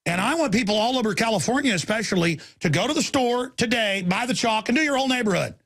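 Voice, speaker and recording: A male radio host with a high-pitched, gravelly voice full of fry. He rants hard, shouting insults in bursts, then snaps into a fast, pushy sales pitch. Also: animated. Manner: ranting, yelling insults in bursts; rapid sales pitch delivery. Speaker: radio talk show host. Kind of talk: fiery talk radio monologue and call-in.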